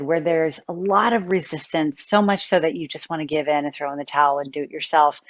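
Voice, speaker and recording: A woman hosting a conversational podcast interview, asking engaged questions. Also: low voice. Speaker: podcast host.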